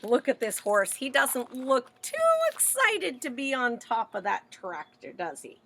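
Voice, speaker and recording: A woman librarian reading a picture book aloud to children, animated and asking them questions as she goes. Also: on the high side, a little slow, vocal fry, a little hiss or hum. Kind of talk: children's story read-aloud.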